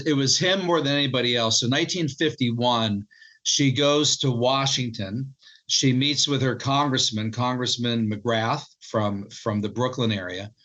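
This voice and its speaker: A middle-aged man, an author being interviewed, telling a story in animated fashion and acting out quoted lines. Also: medium pitch, low-quality recording. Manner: animated storyteller, quotes others in their voices. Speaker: author and historian guest.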